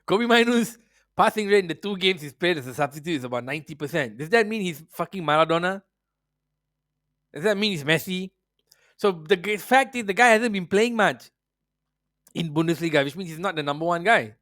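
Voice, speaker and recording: A man rants about football on his podcast with brash, profane energy, sometimes putting on mocking voices. His voice sits a little high. The sound is dry and close, with no room around it. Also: expressive, brisk, fairly bright tone, dry recording. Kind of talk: casual opinionated rant.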